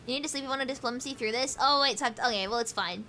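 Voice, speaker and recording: British woman gamer, chatty and excitable, high bright voice with lots of pitch swing. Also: rapid-fire, a little hiss or hum. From Britain. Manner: chatty, excitable, thinking aloud. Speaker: streamer. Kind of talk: casual gameplay commentary.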